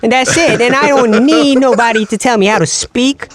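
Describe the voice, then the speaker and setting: A man voicing a brash, pushy American tough guy, loud and bossy. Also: extremely high pitch, normal speed, no room sound, clean studio sound, voice pushed up. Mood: defiant.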